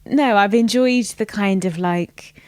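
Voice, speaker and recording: A woman's voice: mid-range voice, a little slow, a little mellow, no echo. Chatty laughing woman, dry sound. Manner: chatty and rambling, laughs often, many "like" fillers. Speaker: podcast guest. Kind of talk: casual chat.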